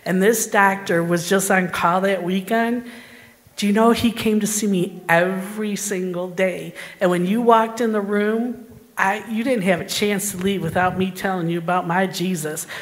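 A woman's voice: medium pitch, steady tone, normal speed, big-room sound. A woman in her sixties giving a fervent, emotional personal testimony in church. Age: 60s.

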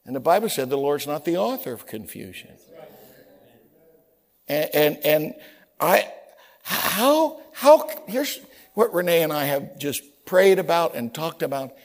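Animated, stammering preacher with a higher voice. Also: male voice, unhurried, pauses often. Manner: animated storytelling, stammers and repeats words. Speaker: pastor. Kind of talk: sermon.

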